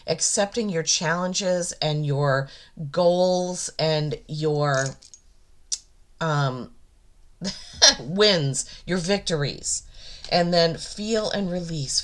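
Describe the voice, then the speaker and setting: A woman energy healer giving an oracle card reading, reverent and gushing, emotional and near tears. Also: low-pitched. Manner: slow, reverent and gushing, often moved.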